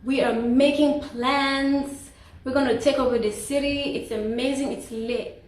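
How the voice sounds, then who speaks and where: A woman's voice: sits high, steady tone, measured pace. A woman vlogger candidly telling a personal story about a friend, emphatic and faith-filled. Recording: roomy echo, distant mic.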